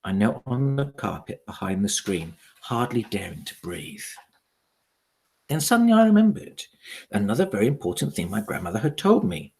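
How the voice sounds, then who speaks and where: A man's voice: fairly low pitch, moderate pace, vocal fry. Man, teacher reading a children's book aloud, dramatic, hugely swooping voice. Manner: expressive, dramatic storytelling. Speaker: primary school teacher.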